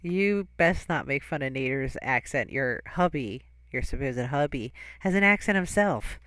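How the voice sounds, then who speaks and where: A woman's voice: a bass voice, expressive, moderate pace, a bit bright. Blunt woman scolding in reaction commentary.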